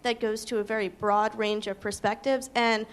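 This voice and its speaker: A woman's voice: mid-range voice, flat delivery, moderate pace. A young woman student asking a long, hesitant question from the audience, with many ums. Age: young adult.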